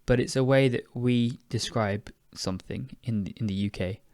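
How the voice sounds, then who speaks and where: A tired young British man talks through everyday English phrases in a chatty, rambling way, often correcting himself. His voice sits at an ordinary middle pitch. The sound is dry and close, with no room around it. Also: moderate pace, a little mellow, smooth, no room sound. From United Kingdom. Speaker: podcast host and English teacher. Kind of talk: casual podcast lesson.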